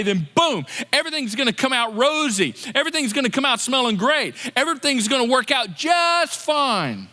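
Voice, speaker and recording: A man preaching a sermon as pastor, in a lively, conversational manner that acts out people's complaints. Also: very high voice, big-room sound. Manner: animated, conversational preaching with quoted inner voices. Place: church sanctuary.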